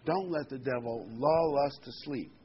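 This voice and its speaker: A man's voice: medium pitch, normal speed, breathy edge. A male preacher delivering a sermon, reading scripture aloud and stressing key phrases by repeating them. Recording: muffled lo-fi recording.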